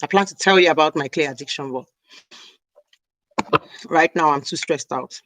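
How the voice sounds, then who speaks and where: A woman's voice: sits low, normal speed, a bit bright, no room sound, poor audio. A woman chatting casually on a live stream, rambling and snacking as she talks. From Nigeria (South South). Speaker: hair care vlogger. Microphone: camera mic on a live stream.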